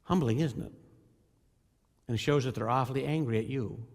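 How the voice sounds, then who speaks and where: A man's voice: medium pitch, a little fast, gravelly, darkish tone. A male pastor preaching a sermon in an earnest, emphatic way, often addressing the congregation as folks. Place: church sanctuary. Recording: reverberant church hall.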